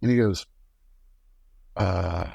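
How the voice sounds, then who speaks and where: Middle-aged guy with a low gravelly voice, storytelling, dry sound. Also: extremely slow, no echo, muffled recording. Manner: animated storyteller acting out quoted dialogue. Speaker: podcast guest, former camera operator. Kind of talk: casual storytelling interview.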